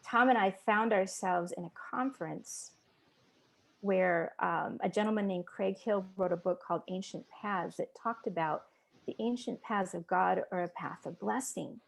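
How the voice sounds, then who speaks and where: A woman's voice: mid-range voice, moderate pace, vocal fry. Earnest woman telling her story. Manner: earnest, emotional storytelling, acts out quoted voices. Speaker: interview guest. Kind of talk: personal testimony in conversation.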